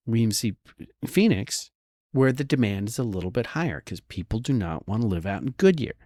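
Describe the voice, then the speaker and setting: A man's voice: mid-range voice, darkish tone, no room sound, clean studio sound. A man who works as a real estate broker, giving casual market commentary in a sarcastic way and often checking in with the listener. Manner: sarcastic, keeps checking in with "all right?".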